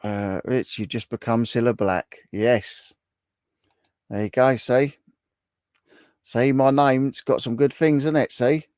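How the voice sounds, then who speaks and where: A man's voice: medium pitch, fairly even intonation, takes it slowly, pauses often, darkish tone, clean tone, no echo, studio quality. A man hosting a casual livestream, reading viewer comments aloud and chatting with them in a bantering, repetitive way. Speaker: livestream host.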